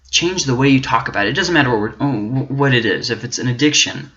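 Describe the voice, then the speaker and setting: A man speaks at an ordinary middle pitch, earnest and encouraging, as he delivers a faith-based motivational talk. He often stumbles, restarts and repeats words. The recording sounds dull and slightly muffled. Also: animated, fast talker, hardly any pauses, bright, forceful tone. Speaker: self-help channel host.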